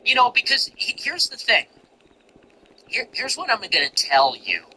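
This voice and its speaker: Guy ranting on his show, high bright voice, slow and heavy, sneering lists. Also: huge pitch swings, slight background noise, low-quality recording. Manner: contemptuous ranting, repetitive emphatic lists. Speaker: show host. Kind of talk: political commentary monologue.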